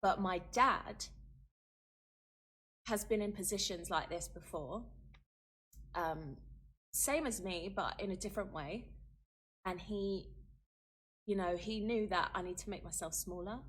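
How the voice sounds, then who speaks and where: A woman's voice: medium pitch, measured pace, pauses often, fairly bright tone, breathy edge. A woman telling her own experience in an interview, earnest, with fillers and rising intensity, from an archived clip. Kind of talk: personal account in an interview.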